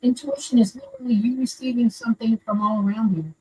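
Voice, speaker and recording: Her voice sits a little high, warm in tone and quick in pace, as this older woman from Florida, USA, phones in with a personal story. She tells it casually, earnestly, and ramblingly, recorded on a distant mic with faint background noise.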